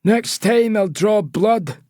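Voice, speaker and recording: A man voicing a menacing, scarred Scottish thug in his late thirties who taunts slowly, in an audiobook thriller. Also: sits high, warm tone, no room sound, clean studio sound, voice pushed up. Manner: taunting, threatening, slow and drawn-out. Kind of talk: audiobook character voice.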